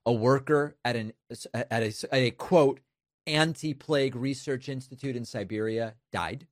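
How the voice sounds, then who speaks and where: A man's voice: medium pitch, a little slow, no room sound. A man hosting a political commentary show, speaking emphatically and sardonically into a close mic. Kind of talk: opinion commentary.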